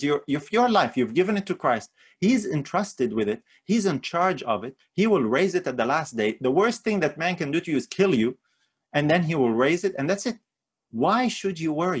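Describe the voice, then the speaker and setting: A man's voice: a little high, husky. A man preaching a sermon in an earnest manner, lifting his voice on key phrases and often repeating words.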